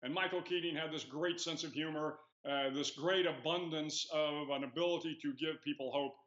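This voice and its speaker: A man in his sixties, a retired admiral, answering interview questions in a measured storytelling way with many "uh"s and "you know"s. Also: on the high side, steady tone, a bit bright. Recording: echoey lo-fi remote audio.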